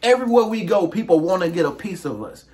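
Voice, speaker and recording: A man's voice: high-pitched, animated, fast, a little mellow. A man hosting his own video, giving a casual, slangy motivational monologue with emphatic rhetorical questions. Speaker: self-help video host.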